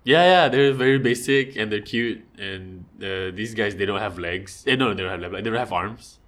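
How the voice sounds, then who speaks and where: A man's voice: fairly low pitch, moderate pace. A man telling funny stories in casual chat, laughing often and acting out what others said. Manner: laughs often, animated retelling with quoted voices.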